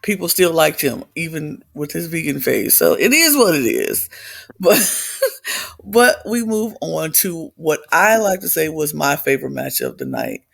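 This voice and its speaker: A man co-hosting a podcast in casual chat, relaxed and given to repeating himself. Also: on the high side, unhurried, creaky. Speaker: podcast co-host.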